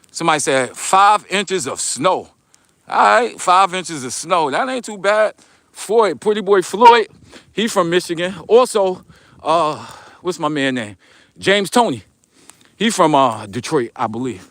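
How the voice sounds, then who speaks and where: A man's voice: fairly high pitch, a bit bright, dry recording. A man with a New York accent hosting a casual livestream outdoors while walking, reading viewers' comments aloud in loose, slangy talk. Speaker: livestream vlogger. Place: outdoors on a snowy street, walking.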